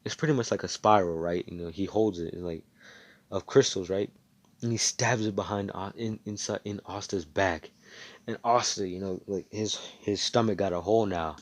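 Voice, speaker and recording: Low-voiced young guy rambling through a story. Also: normal speed. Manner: rambling, swears often, lots of fillers. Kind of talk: casual spoken fan-fiction retelling. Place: voice chat.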